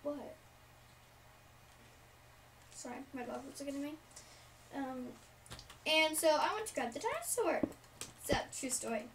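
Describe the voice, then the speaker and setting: A woman's voice: sits high, lively intonation, measured pace, long pauses. A young woman telling a childhood story in a casual, rambling way, full of fillers and side remarks. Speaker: storyteller vlogger. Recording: distant mic, noisy room.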